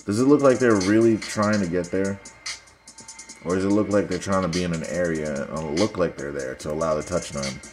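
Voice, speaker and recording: A young man casually breaking down football highlights for viewers, analytical and sarcastic, talking straight to the audience. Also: brisk, music in the background. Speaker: football video commentator.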